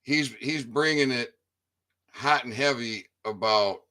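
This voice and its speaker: A man's voice: medium pitch, takes it slowly, sharp tone. A man giving a rambling casual monologue to his viewers, stammering over repeated words and swearing freely. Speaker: independent online commentator.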